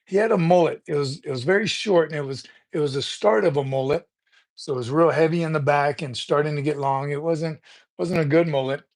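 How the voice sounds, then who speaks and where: A man's voice: a little high, brisk. Rambling retired military man chatting live. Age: older. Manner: rambling, conversational, repeats words while thinking. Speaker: livestream host. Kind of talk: casual livestream chat.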